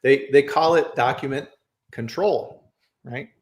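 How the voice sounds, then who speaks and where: A man hosting a casual talk, with a voice of middle pitch. He tells stories at an easy pace and keeps asking "right?" as he goes. The room is echoey and roomy. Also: slow pace. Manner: storytelling, says "right?" often. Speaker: host. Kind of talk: casual chat.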